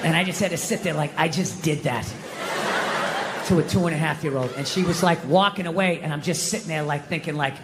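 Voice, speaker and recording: A man's voice: high voice, fairly quick. A middle-aged male comedian tells profane, exasperated stories on stage, acting out the people in them. His voice rings in a large venue with a long reverb tail. A faint hiss sits under the recording. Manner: profane, exasperated storytelling with acted-out quotes. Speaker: stand-up comedian. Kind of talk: stand-up comedy set. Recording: live reverb hall with faint noise.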